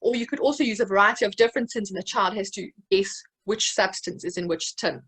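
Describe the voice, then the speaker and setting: A woman's voice: medium pitch, quick pace, a bit bright, husky, poor audio. South African woman presenting a workshop. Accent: South African English. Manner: explanatory, gives classroom examples with fillers. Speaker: speech-language therapist presenting a workshop. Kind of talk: educational webinar presentation.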